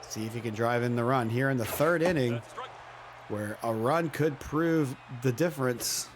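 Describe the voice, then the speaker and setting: A man in his thirties doing casual play-by-play of a baseball video game, chatty and joking, with excited outbursts. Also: medium pitch, moderate pace, noisy background. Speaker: play-by-play commentator.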